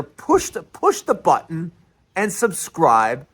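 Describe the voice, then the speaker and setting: A man hosting his own political commentary vlog, talking in an animated, emphatic way and often repeating and restarting his phrases. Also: fairly high pitch, slow pace. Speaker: vlog host.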